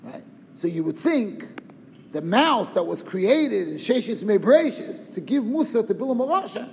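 A man with a high, animated, gravelly voice delivers a Torah lecture at a normal pace, firing off rhetorical questions and peppering his talk with Yiddish and Hebrew terms. The recording has roomy reverb, a dull lo-fi quality, and faint noise.

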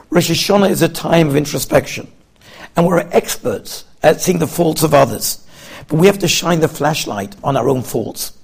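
A man's voice: fairly high pitch, vocal fry, darkish tone, breathy edge. A man giving a sermon as a rabbi, telling stories and weaving Hebrew terms into his English. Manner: storytelling, mixes Hebrew and Yiddish terms into English. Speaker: rabbi giving a Torah talk.

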